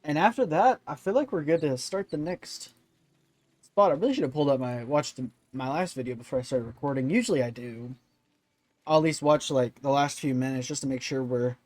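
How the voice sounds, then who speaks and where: A man's voice: medium pitch, a little mellow. A man hosting a let's-play video, rambling and thinking aloud with many fillers. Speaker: gaming channel host.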